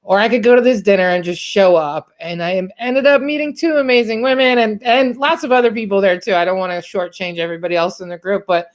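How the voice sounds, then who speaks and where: A woman's voice: medium pitch, quick pace, few pauses. A woman in her thirties from the Washington, D.C. area, a podcast host telling a personal story in a candid, chatty way, with plenty of fillers and casual swearing.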